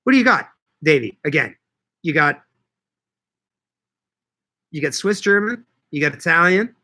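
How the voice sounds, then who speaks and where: The middle-aged Canadian host, who is also a market grower, chats through viewer comments on a casual livestream, joking and swearing easily. His voice sits on the high side, bright and forceful, with lively intonation and a slightly slow pace.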